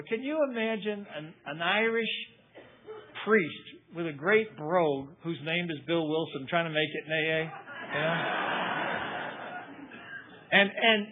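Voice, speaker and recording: A man's voice: sits high, a little hiss or hum. An older man speaking at a recovery meeting, telling his story in a wry, conversational way. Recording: tinny phone-like recording.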